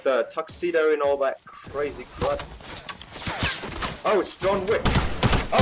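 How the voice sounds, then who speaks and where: Playful male gaming YouTuber, slightly sick, animated, somewhat high voice, home mic with audible noise. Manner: goofy, jumps into silly voices and off-key singing. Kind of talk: casual gameplay commentary.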